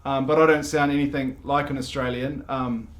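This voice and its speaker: A man from New Zealand with a New Zealand accent, presenting a comedic explainer in a dry, deadpan way. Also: mid-range voice, moderate pace.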